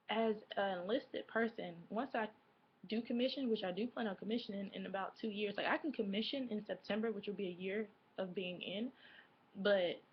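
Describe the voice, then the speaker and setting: A woman's voice: mid-range voice, breathy edge, lo-fi sound. A woman in her twenties chatting casually to camera as a vlogger, rambling with lots of fillers and self-corrections. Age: 20s.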